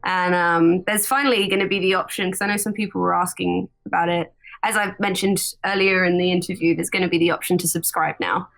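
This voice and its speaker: A woman's voice: on the low side, flat delivery, a little fast, vocal fry, fairly bright tone, rough recording. Giggly chatty young woman. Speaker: voice actress guest. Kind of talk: casual interview chat.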